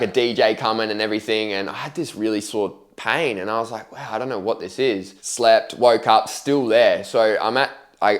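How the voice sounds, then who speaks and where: A man's voice: lowish voice, fairly bright tone. A young man casually telling his own story to camera, candid and slangy, swearing freely and acting out his past reactions.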